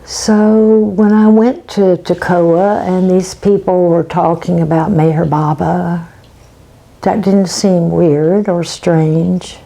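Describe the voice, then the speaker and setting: An older woman telling a personal story in an unhurried way, pausing often with ums. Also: lowish voice, steady tone, gravelly, mellow, low-quality recording. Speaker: interviewee. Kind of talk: personal reminiscence.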